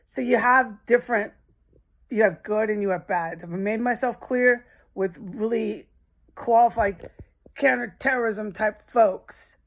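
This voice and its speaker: A woman's voice: a little high, a little slow, vocal fry. A woman ranting in a rambling monologue, agitated and profane, often restarting her sentences. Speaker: social media commentator.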